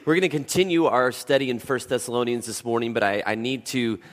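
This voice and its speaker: A man preaching a sermon as pastor, his voice husky from a cold, talking in a relaxed, conversational way and checking in with the congregation. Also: mid-range voice, a little fast, big-room sound. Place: church sanctuary.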